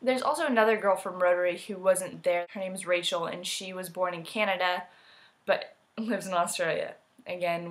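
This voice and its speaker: Young girl vlogging, kinda low voice, rambly and goofy. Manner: chatty, rambling, playful asides. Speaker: exchange student vlogger. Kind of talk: casual vlog talk to camera.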